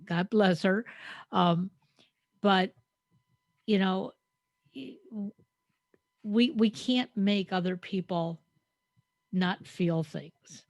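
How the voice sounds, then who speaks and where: A woman's voice: mid-range voice, drawn-out words, gravelly, long pauses, no room sound. A woman co-hosting a podcast, reflective and storytelling with frequent hesitant fillers. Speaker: podcast co-host. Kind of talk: conversational podcast talk.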